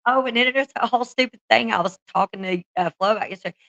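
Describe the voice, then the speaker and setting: A woman's voice: fairly high pitch, quick pace, creaky, a bit bright, no echo, highs cut off. A woman chatting casually on a livestream, laughing often and swearing freely as she talks to her viewers.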